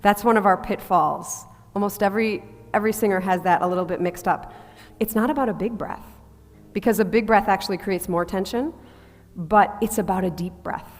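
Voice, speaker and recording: In a large hall with a live group, a woman voice coach with a medium-pitched voice leads a workshop on breathing, speaking a little fast. She demonstrates sounds and asks the group to try them.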